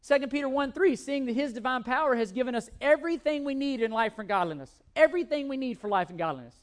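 A man's voice: very high voice, expressive, fast. A man preaching a sermon as pastor, emphatic, often repeating words and asking rhetorical questions.

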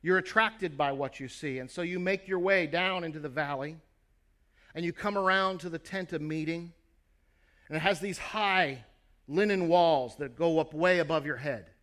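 A man delivers a sermon in a slightly higher voice. He tells the story earnestly and speaks straight to his listeners. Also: bright, forceful tone. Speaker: preacher.

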